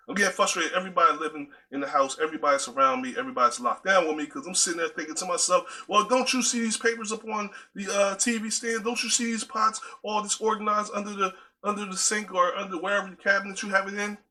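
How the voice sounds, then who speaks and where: A man talks straight to his viewers in a casual, preachy way. His voice sits high and sounds very bright. He keeps calling his listeners y'all. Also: rough recording. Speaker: video host. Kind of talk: casual direct-to-camera talk.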